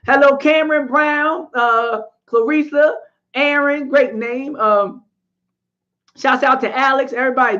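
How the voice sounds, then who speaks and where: A woman hosting a live stream, chatting with viewers and talking through history in a casual, animated way. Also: sits high, dull audio.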